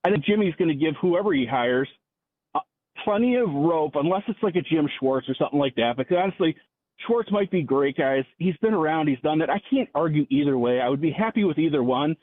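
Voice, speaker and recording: A man's voice: fairly high pitch, lively intonation, brisk, no room sound. A man calling in to a sports radio show, ranting with heavy sarcasm. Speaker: caller. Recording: phone line.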